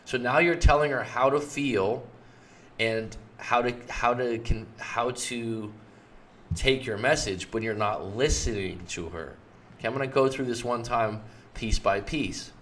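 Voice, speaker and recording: A man's voice: mid-range voice, moderate pace, a bit bright, a little hiss or hum. A male relationship coach giving an explanatory talk, plainly walking the listener through example conversations.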